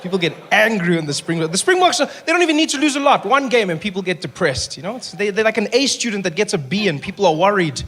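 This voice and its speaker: Animated South African stand-up comedian. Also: male voice, sits high, fast talker, hardly any pauses. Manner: animated, playful, slips into impressions. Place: live comedy venue with audience. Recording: live show with crowd and noise. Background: audience crowd.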